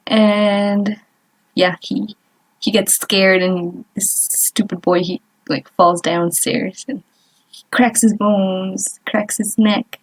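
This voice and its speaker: Slow, rambling young woman. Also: mid-range voice, steady tone. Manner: rambling, trailing off, with many fillers and small laughs. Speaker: artist vlogger. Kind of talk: casual chat while doodling.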